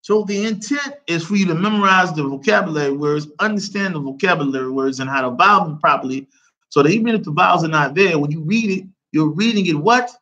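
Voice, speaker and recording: A man's voice: a little high, fast, sharp tone, highs cut off. A man teaching an Arabic lesson who keeps checking on his class with repeated questions, reading phrases aloud and then explaining them in English.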